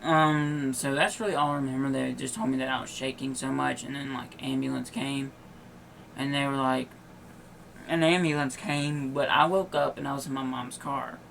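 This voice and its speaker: A young man with a gravelly voice talks casually on his podcast. He is tired and yawns now and then, and his telling wanders through fillers and half-finished sentences. A faint noise sits behind him. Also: medium pitch, level tone, normal speed, a bit bright. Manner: rambling, filler-heavy with many likes and restarts. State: tired and yawning. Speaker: podcast host. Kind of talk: casual personal storytelling.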